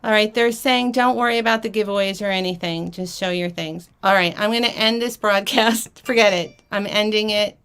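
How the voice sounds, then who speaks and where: A woman's voice: mid-range voice, normal speed, hardly any pauses, fairly bright tone, clean tone. A woman hosting a live vintage jewelry auction stream, flustered and rambling, laughing often between fillers and restarts. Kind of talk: casual live-stream chat.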